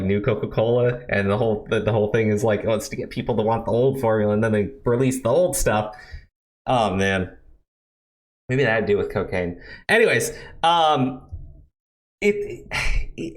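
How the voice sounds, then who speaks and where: Heated man ranting, swinging pitch. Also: fairly bright tone. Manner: heated, profane, stammering restarts. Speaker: video commentator. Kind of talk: angry rant commentary.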